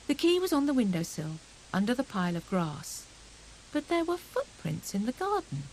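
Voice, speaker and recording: A woman narrating a children's storybook audiobook in a gentle, expressive storytelling manner. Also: fairly high pitch, moderate pace, a little hiss or hum, poor audio.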